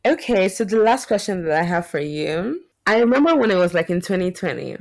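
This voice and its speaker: A woman hosting a podcast in casual chat, relaxed and giggly as she asks questions. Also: fairly low pitch, a little fast, vocal fry. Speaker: podcast host.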